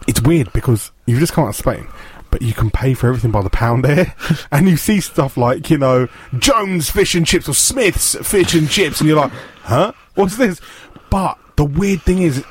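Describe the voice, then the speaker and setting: A man's voice: a little high, animated, normal speed, hardly any pauses, husky. A man telling jokey stories in a casual podcast chat, laughing often.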